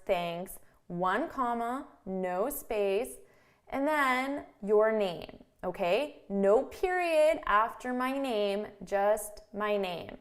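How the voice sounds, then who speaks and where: A woman teaching an English writing lesson, explaining each point step by step and checking in with "right?" and "okay?". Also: medium pitch. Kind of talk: online grammar lesson.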